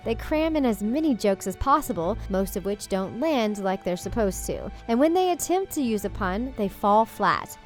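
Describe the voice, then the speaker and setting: A woman with a fairly high voice narrates a scripted voice-over. Her delivery is wry and chatty, talking straight to the audience, with faint music behind her. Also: very animated, moderate pace, hardly any pauses. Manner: wry, chatty commentary addressing viewers directly. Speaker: video narrator.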